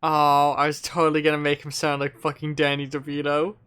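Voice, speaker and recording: A man's voice: a little high, monotone, fairly quick, a bit bright, clean tone. A man streaming, chatting casually and goofily while reading a webcomic aloud, laughing often. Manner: goofy, joking, laughs often. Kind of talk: casual read-along chat.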